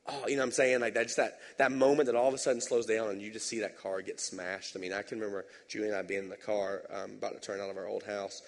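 A man's voice: on the low side, quick pace, hardly any pauses. Conversational man preaching in a reverberant hall. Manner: conversational, animated, tag questions. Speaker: pastor. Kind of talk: sermon.

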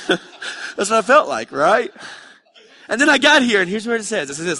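A bright, forceful man's voice carries this sermon, pitched slightly above the usual male range. He is a pastor in his thirties speaking in a church sanctuary, talking to the room conversationally and honestly, then rising into loud, urgent appeals. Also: big pitch swings, moderate pace, long pauses. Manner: conversational and confessional, surging loud and high when emotional.

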